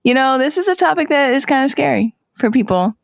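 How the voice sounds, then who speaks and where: A woman's voice: high voice, lively intonation, fairly quick, gravelly, no room sound. Woman, podcast co-host, upbeat and teasing, reads titles cleanly, dry close sound. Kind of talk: casual podcast chat.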